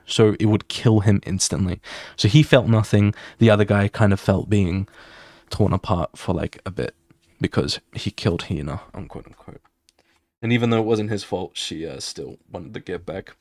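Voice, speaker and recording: Slangy young man, low dry voice. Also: moderate pace, no echo. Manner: slangy, animated, with spoken sound effects. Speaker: artist streamer. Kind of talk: casual storytelling while drawing.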